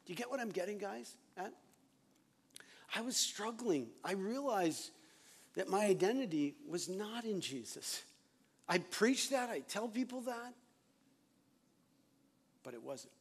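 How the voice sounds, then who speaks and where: A man who is a pastor, preaching an earnest, confessional sermon to fellow pastors, moving from hushed moments to loud ones. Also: on the high side, expressive, unhurried, creaky, pauses often, slightly rough.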